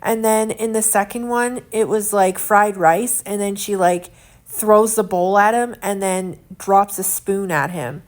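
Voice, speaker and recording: A young woman vlogger chats to the camera at home, earnest and indignant, rambling with plenty of fillers. Her voice is mid-range and a little slow.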